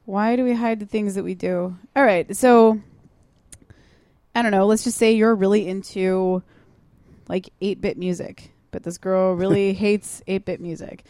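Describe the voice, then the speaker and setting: A woman's voice: mid-range voice, fairly even intonation, a little slow, dark tone, no echo. Chatty woman hosting a podcast, dry room. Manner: joking, laughs often, trails off. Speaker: podcast host. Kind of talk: casual chat.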